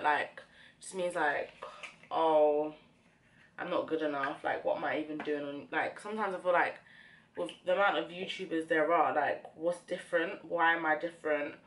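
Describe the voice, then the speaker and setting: A young woman chatting to camera while doing her makeup, tearful and hesitant, with many fillers, recorded at home. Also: sits low. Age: young adult. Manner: soft, hesitant, full of fillers. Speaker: beauty vlogger.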